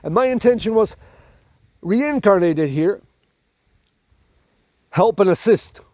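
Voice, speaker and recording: A man with a noticeably high voice and a non-native accent delivers an emphatic spiritual monologue to camera. He preaches dramatically, repeating and restarting phrases as he presses his points. The recording is dry and close, with no room sound. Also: lively intonation, slow pace, dark tone, no echo. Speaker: spiritual channel host.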